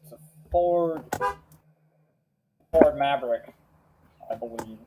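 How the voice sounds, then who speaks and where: A man hosting a reaction video, naming car models one by one in a slow, matter-of-fact way. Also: medium pitch. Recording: clear background noise with clicks.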